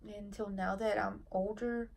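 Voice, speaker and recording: A woman in her thirties tells an emotional story in a vlog, near tears, soft-spoken and halting with many fillers. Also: mid-range voice, steady tone, vocal fry. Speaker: family vlogger.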